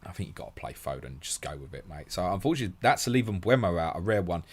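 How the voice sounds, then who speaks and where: A man with a low voice runs a live question stream. He is brisk and matey, reading each question aloud and then answering it. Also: sing-song, husky. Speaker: podcast host.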